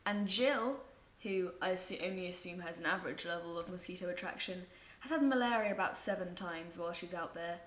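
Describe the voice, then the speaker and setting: Speaking a little fast and barely pausing, this young woman from England has a fairly low, slightly bright voice. She rambles through viewer questions at home in a casual chat to camera, laughing at her own asides. The recording has room echo and faint background noise.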